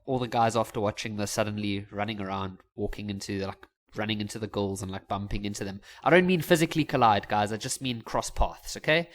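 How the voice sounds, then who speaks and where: A man's voice: fairly low pitch, brisk, few pauses. A man teaching a science lesson in a casual, joking and self-mocking way, chatty and full of restarts.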